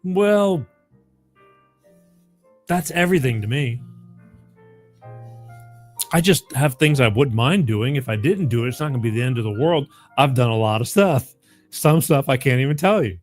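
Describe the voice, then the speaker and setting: A man with a middle-pitched voice hosting a live call-in show, chatting loosely and wandering between thoughts. He keeps circling back to the phone number, and faint music plays under him. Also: animated, moderate pace, pauses often. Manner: rambling, repeats the phone number. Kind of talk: casual live call-in chat.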